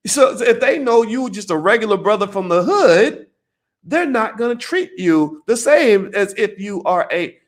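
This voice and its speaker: An American man giving casual video commentary, animated and emphatic, firing off rhetorical questions and repeating his points. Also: sits high, moderate pace.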